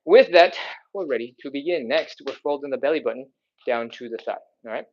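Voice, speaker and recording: A man's voice: mid-range voice, a little fast. Upbeat male stretching coach, lo-fi sound. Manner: coaching, upbeat, repeats "all right?". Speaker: fitness instructor. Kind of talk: live stretching class instruction.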